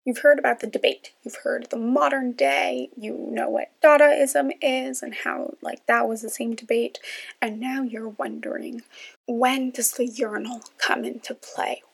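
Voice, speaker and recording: Young female podcast host, gravelly tone, casual self-mocking rant. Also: on the high side, steady tone, a little slow. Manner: chatty, self-deprecating, rambling with asides.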